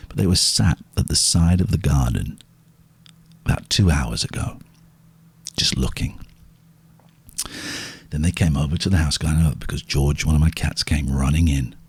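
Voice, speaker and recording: A man's voice: rumbling low, fairly quick, breathy edge, rough recording. Man hosting a radio show. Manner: whispers and coos softly to an animal in the garden. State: out of breath. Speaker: radio host. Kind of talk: casual radio chat.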